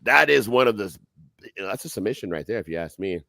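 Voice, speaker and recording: A man on a podcast telling a wild fight story in a profane, animated way, acting out other people's voices loudly. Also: fairly low pitch, quick pace, gravelly, no room sound. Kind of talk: casual storytelling.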